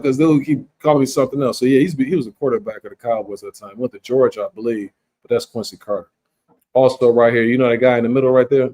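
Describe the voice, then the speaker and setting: A man's voice: mid-range voice, fairly even intonation, fast, mellow. A man hosting a podcast, telling rambling, laid-back stories in casual chat. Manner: rambling, laid-back storytelling with frequent "you understand". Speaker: podcast host.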